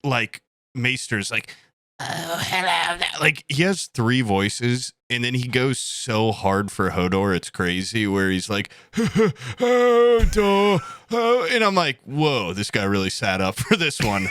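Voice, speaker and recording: Low, bright-toned man chatting drily. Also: measured pace, smooth, no room sound, clean studio sound. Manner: laid-back, joking, mimics voices in quotes. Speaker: podcast co-host. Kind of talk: casual chat.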